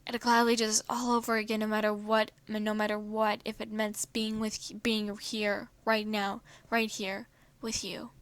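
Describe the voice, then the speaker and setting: A woman voicing a tender, weak young woman with a hushed, croaky voice, in whispered role-play for a fan story reading. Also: medium pitch, level tone, normal speed, hardly any pauses, no echo, lightly acted.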